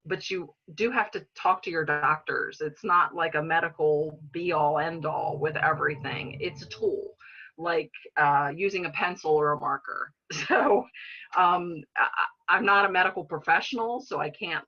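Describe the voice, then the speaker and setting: Earnest middle-aged woman, bright voice. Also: low voice, moderate pace, highs cut off. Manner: earnest, chatty, with frequent fillers and restarts. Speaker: reiki practitioner, guest. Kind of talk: casual interview talk.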